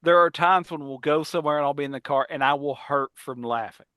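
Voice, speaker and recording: A podcast co-host in his forties swapping stories with longtime friends. His voice sits a little high and rings bright. He is recorded close on a dry mic and breaks into laughter as he talks. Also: quick pace, clean tone, dry recording. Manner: animated storyteller, laughs often. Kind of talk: casual chat.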